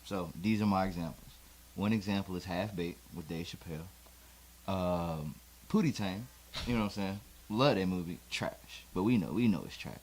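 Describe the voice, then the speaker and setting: A man with a Southern US accent hosts a loose, casual conversation. His voice sits somewhat low, and he is animated and curses freely. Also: normal speed, slight background noise, low-quality recording. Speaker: host. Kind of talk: casual chat.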